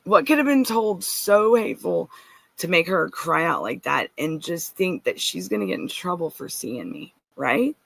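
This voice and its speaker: A woman's voice: on the low side, very animated, normal speed, creaky, dry recording. A woman giving an earnest, rambling personal account as a guest, often restarting and turning to ask listeners directly.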